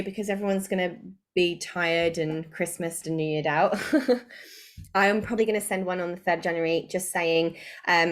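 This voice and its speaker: A woman running a live business training webinar from a home spare room, talking in a chatty, informal way and laughing often. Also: medium pitch. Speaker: online business coach.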